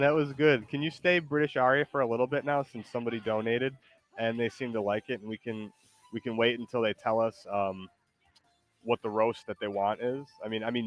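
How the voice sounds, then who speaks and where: A man hosting a casual stream, talking in a hesitant, rambling way with lots of pauses. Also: medium pitch. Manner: hesitant, rambling, many ums. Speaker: streamer host.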